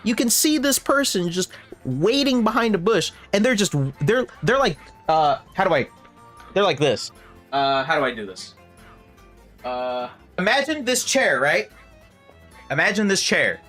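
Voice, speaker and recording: A man telling a storytime vlog, expressive and animated, swearing and laughing as he goes. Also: high voice, unhurried, long pauses. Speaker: streamer and video creator. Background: faint background music.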